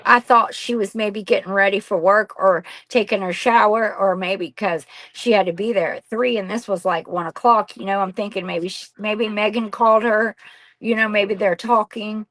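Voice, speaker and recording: A woman's voice: medium pitch, fairly even intonation, moderate pace, fairly bright tone, no echo, poor audio. A middle-aged woman, a podcast guest telling a painful personal story candidly, rambling and swearing casually.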